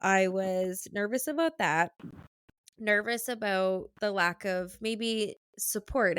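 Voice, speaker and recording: A young woman hosts a relaxed podcast conversation, speaking candidly and chattily with plenty of "like" fillers and quick laughs. Her voice is smooth and resonant at a mid pitch. It is recorded close and dry, with no room sound. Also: no room sound. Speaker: podcast host. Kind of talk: casual conversational interview.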